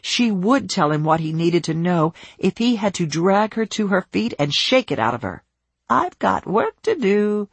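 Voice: medium pitch, expressive, moderate pace, few pauses, slightly rough, no echo. An audiobook narrator reading a suspense novel in scripted narration.

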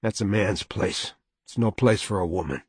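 A rough, contemptuous man in a storybook reading, low and clipped, brushing things off with a husky voice, as the narrator puts him on. The sound is dry and close. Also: moderate pace, no echo. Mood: curt, cold.

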